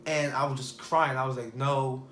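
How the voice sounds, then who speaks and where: A man's voice: mid-range voice, steady tone, a little fast, fairly bright tone, slight background noise. A man vlogger telling a personal story in a casual, rambling way full of fillers. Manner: rambling, filler-heavy, restarts. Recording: echoey room.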